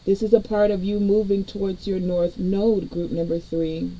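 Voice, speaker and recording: A woman's voice: medium pitch, level tone, normal speed, dark tone, poor audio. A woman energy reader giving a collective spiritual reading in a conversational way, talking straight to her viewers. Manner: conversational, addresses viewers directly.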